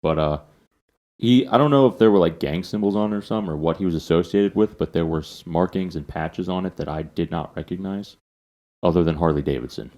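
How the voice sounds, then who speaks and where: Low-voiced man telling a profane story. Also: fairly quick, a little mellow. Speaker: podcast host. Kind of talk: casual storytelling.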